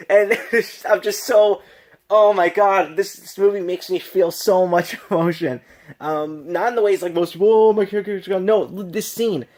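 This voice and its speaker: A man's voice: sits high, unhurried, darkish tone. Tipsy man gushing in a rambling review. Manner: rambling, gushing, with restarts and laughs. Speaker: vlogger reviewing a film. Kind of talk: casual unscripted review.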